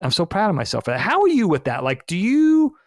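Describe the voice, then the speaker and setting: A man's voice: high-pitched, huge pitch swings, fast talker, no room sound, clean studio sound. A man co-hosting a podcast, talking about films in a casual, enthusiastic way and laughing often. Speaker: podcast co-host. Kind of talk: casual podcast film discussion.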